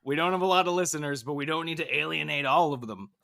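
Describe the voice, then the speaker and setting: Wry joking man co-host, somewhat high. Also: creaky, pushed and bright. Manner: wry, directing, quick to joke. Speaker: podcast co-host. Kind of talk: casual podcast banter.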